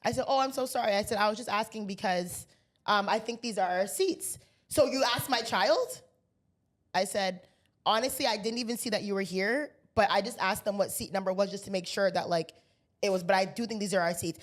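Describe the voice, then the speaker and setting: A woman co-hosting a podcast, telling a story in a casual, animated way and acting out the people in it with plenty of swearing. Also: medium pitch, a little fast. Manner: animated storyteller, acts out quoted voices, heavy swearing. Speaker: podcast co-host.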